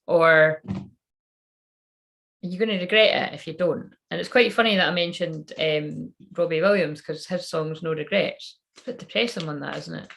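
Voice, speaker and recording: A psychic reader channeling messages gives a casual, rambling monologue in a lowish, slightly bright voice with vocal fry, at normal speed. She swears freely and laughs at her own jokes.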